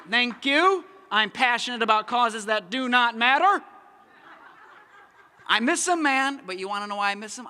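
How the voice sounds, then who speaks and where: Young male comic, bright voice, lively self-deprecating stand-up. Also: high voice. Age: young adult. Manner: animated, self-mocking. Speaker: stand-up comedian. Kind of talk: stand-up comedy set.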